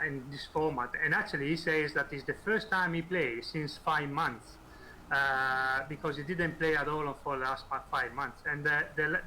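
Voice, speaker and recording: A man's voice: fairly high pitch, bright, forceful tone, a little hiss or hum, rough recording. A man hosting a live-streamed interview, translating for the audience with many hesitations and fillers. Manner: halting, many fillers, switches between languages. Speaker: host and translator.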